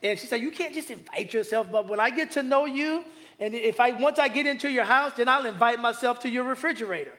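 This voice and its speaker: Man, pastor, sermon, very high pitch, bright forceful tone, chatty and joking, slow drawn-out emphasis. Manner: conversational, joking asides with the congregation; slows and stretches key phrases for emphasis.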